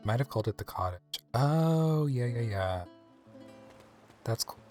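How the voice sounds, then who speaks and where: Chatty man with a lively, swinging voice. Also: mid-range voice, a little slow, soft background music. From American South. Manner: chatty, rambling, playful. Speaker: livestreamer. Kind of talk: casual chat while gaming, reading chat.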